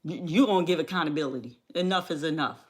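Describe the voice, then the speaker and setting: A woman's voice: sits low, fast talker, breathy edge. A woman hosting her own livestream, speaking in a fiery, repetitive way with lots of exclamations and remarks to her chat. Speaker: livestream host. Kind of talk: heated livestream rant.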